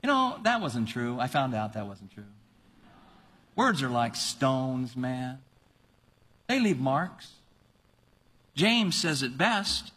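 A male preacher delivering an animated sermon, acting out quoted voices with sudden high-pitched cries. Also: takes it slowly, pauses often, breathy edge. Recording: long reverb of a large hall.

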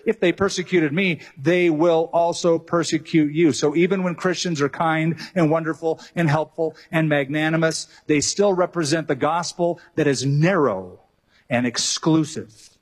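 Male pastor, husky and slightly high, animated sermon delivery. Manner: animated preacher, joking asides and acted-out quotes.

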